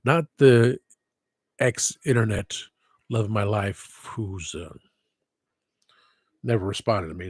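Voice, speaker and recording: A lowish, slightly rough voice comes through a headset in a dry recording, measured in pace and pausing often. The man rambles through a casual livestream, straying off topic, interrupting himself, and offering wistful asides.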